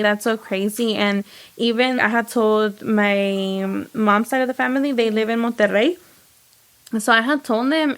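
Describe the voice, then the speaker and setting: A young woman from Texas telling a story in casual chat, animated and quoting people, with lots of "like". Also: on the high side, clean tone. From United States. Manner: animated, lots of "like" and quoted dialogue. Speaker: guest, home baker and business owner.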